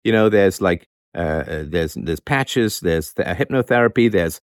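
A man's voice: deep voice, expressive, moderate pace, no room sound, studio quality. A man hosting a show, giving an emphatic, lecturing spoken monologue with mocking asides. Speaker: show host.

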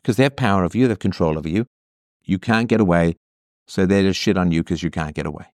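A man's voice: low voice, fast talker, a little mellow, dry recording, clean studio sound. A man hosting an advice show, answering a listener's letter in a blunt, sarcastic, profane monologue.

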